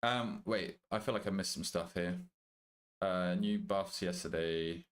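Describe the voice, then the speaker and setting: A young British man streaming a game, chatting casually with his viewers, joking, swearing and thinking out loud. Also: low voice, unhurried. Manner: banters with chat, swears casually, thinks aloud. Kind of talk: casual live-stream chat.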